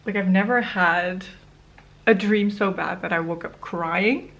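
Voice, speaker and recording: A woman's voice: mid-range voice, fairly even intonation, a little slow, creaky, fairly bright tone, lo-fi sound. A young woman chatting casually while doing her makeup, telling a personal story in a rambling, candid way with small laughs. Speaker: beauty vlogger. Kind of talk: casual get-ready-with-me chat.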